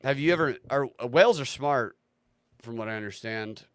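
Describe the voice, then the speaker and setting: A man's voice: mid-range voice, brisk. A man hosting a livestream, talking casually in a sarcastic, ranting way and swearing freely. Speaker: livestream host.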